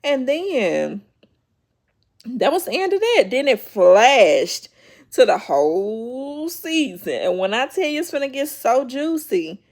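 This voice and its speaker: A woman's voice: high-pitched, sing-song, slow pace, a little mellow. A woman hosting her own channel, chatting casually as she retells a reality TV episode and acts out the quoted lines. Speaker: YouTube show host.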